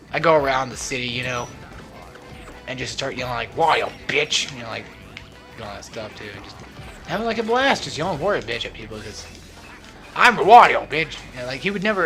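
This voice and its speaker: A man's voice: mid-range voice, pushed and bright. A young man rambling through casual gameplay commentary as a let's play host, talkative and self-mocking. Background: faint game music.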